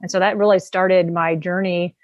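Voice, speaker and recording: A woman's voice: on the low side, level tone, moderate pace, no room sound, dull audio. A woman, an empowerment coach and author, telling her personal story as a guest in a casual, candid way, often laughing between thoughts.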